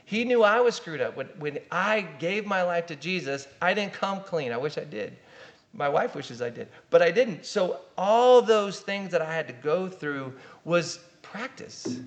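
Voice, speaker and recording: A middle-aged man, a pastor and guest, telling lively stories in casual podcast conversation and acting out the quotes. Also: a little high. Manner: animated storyteller, acts out quotes.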